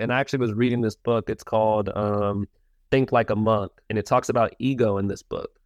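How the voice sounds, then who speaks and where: Male guest, thirties, low dry voice, sincere and reflective, halting restarts. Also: fairly even intonation, no echo. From United States. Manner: earnest, restarts words, quotes his own inner voice. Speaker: podcast guest. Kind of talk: reflective interview talk.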